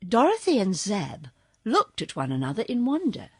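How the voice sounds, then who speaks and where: A woman reading a children's storybook aloud as audiobook narrator, slow and expressive. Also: medium pitch, slightly rough, no echo, clean studio sound. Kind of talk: scripted narration.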